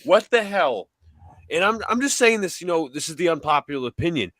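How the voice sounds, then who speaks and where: A man's voice: a little high, lively intonation, brisk, fairly bright tone, dry recording. A man hosting a sports podcast, arguing his points emphatically and repeating lines for effect. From New York area. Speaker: podcast host. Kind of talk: animated sports debate.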